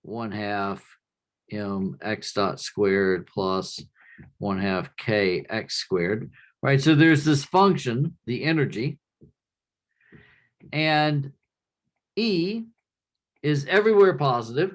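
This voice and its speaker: A male lecturer speaks at a middle pitch, teaching a class in an easygoing, conversational manner. He often pauses to ask "right?" as he checks in with the students. He is recorded in a classroom. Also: lively intonation.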